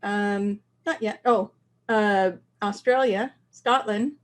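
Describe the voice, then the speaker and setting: A woman with a Southern US accent chats brightly as co-host of a casual live stream. Her voice sits at an everyday pitch, and she keeps the talk moving by reading out names from the chat. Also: slow. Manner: upbeat, reads out viewer comments.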